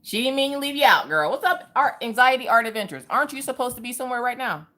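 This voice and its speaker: A woman's voice: on the high side, lively intonation, fast, pushed and bright. A woman hosting a casual livestream chat. She greets viewers by name with playful exclamations and chatty, joking asides. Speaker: livestream host.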